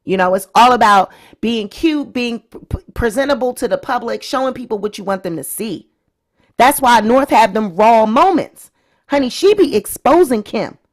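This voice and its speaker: A woman's voice: fairly high pitch, animated, moderate pace. Woman doing casual commentary on her channel, chatty, opinionated, talking right to viewers. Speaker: vlog host. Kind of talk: casual celebrity-news commentary.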